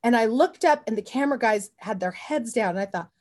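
An animated woman talks through a long story on a podcast, her voice pitched a little high. She rambles, circles back and drops in quick asides as she goes. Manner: often says "you know what I mean". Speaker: actor and podcast guest. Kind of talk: casual interview storytelling.

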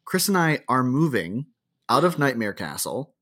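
A man co-hosts a casual comedy podcast in a playful, rambling way, stopping and restarting his sentences. His voice is mid-pitched and swings a lot in tone. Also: big pitch swings, normal speed, fairly bright tone. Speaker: podcast co-host.

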